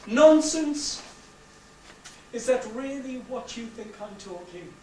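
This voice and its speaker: A woman playing a restless, questioning husband on stage, intense and swinging between hushed words and shouts. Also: a little high, animated, takes it slowly. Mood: impassioned. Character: troubled questioning husband, adult man. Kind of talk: stage acting. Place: theatre stage. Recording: echoey hall from far off, noisy.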